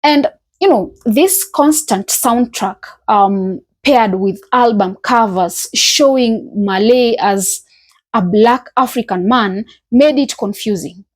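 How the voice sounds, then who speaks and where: Husky-voiced woman narrating commentary. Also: a little high, measured pace. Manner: hesitant, with frequent fillers and restarts. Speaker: reaction channel host. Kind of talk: semi-scripted commentary.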